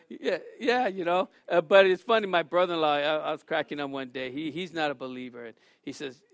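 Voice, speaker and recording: A middle-aged male pastor delivers a sermon in a high-pitched voice, animated and full of storytelling. He acts out the people in his stories with quick shouts and laughter. The recording is dry and close, with no room echo.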